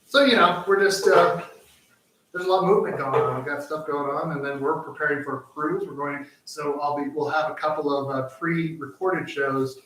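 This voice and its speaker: Cooking on a live show he co-hosts, this man talks loosely and rambles, filling his speech with fillers and false starts. His slightly high voice holds a steady tone at a moderate pace and sounds fairly bright. The mic is distant, the room echoes, and there's faint noise.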